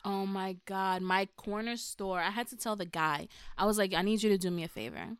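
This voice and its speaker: A woman's voice: medium pitch, fairly quick, clean tone, no room sound, clean studio sound. A woman, a podcast guest chatting casually, frank and profane, telling stories with animation. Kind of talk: casual chat.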